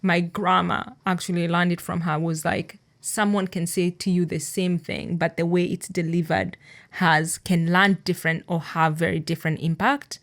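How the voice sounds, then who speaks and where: A woman with a fairly low voice talks openly and agreeably with her partner. She sounds like a podcast co-host thinking out loud about how she speaks to him. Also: fairly even intonation, moderate pace. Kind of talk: reflective conversation with partner.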